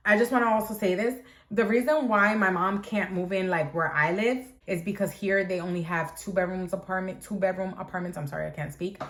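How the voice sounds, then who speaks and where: A young woman spins a dramatic storytime for her viewers, chatty and loose. She leans on fillers and asides and talks at an even, middling pitch for a woman. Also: brisk. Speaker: vlogger. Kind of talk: storytime vlog.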